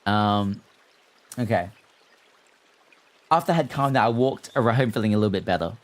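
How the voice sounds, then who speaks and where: A young man with an Australian accent reading a scary story live, breaking off to react excitably to chat and stumbling over words. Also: lowish voice, moderate pace. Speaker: streamer.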